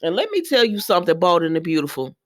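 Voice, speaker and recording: A woman giving a casual, animated recap of a soap opera, speaking straight to her viewers with slangy asides. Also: on the low side, fast.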